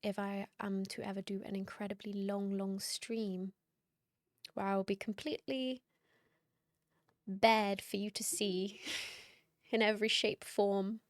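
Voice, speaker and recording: A woman's voice: mid-range voice, little pitch movement, a little slow, long pauses, dry recording, studio quality. A woman streamer chatting casually and playfully with her viewers late at night, teasing and laughing often.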